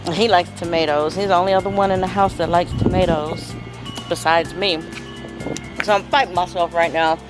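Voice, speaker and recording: Holding her phone camera in her backyard garden, this middle-aged homesteader from Southern California talks chattily to "you guys" and relishes each taste. Over music, her fairly low voice moves quickly with fairly even intonation.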